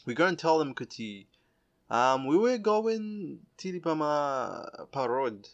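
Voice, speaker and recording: A young man casually telling a story, mixing English with Shona, animated and laughing often as he swings between loud bursts and quiet asides. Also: a little high, takes it slowly, muffled recording.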